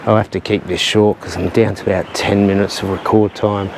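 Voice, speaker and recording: A man's voice: lowish voice, level tone, fairly quick. A man narrating a casual walking vlog on coastal trails, chatty and rambling with a light joking tone. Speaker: vlogger. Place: outdoors on coastal cliff trails and caves. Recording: outdoor recording with clear ambient noise.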